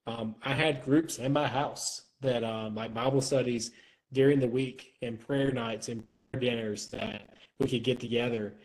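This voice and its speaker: A man's voice: medium pitch, steady tone, measured pace, darkish tone, poor audio. A man who is a guest on a podcast, speaking in an earnest, reflective way and repeating words as he thinks. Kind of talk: casual chat.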